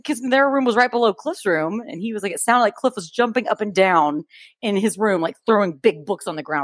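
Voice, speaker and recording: A woman, co-hosting a podcast and telling a story with lively, acted-out quotes. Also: a little fast, no room sound, studio quality. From Texas. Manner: animated storyteller, acts out quotes with big pitch jumps. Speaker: podcast co-host. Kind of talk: casual chat, storytelling.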